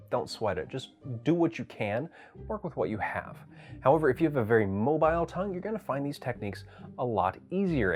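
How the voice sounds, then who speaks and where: A man teaching voice acting in a casual video tutorial, demonstrating each technique as he explains it. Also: medium pitch.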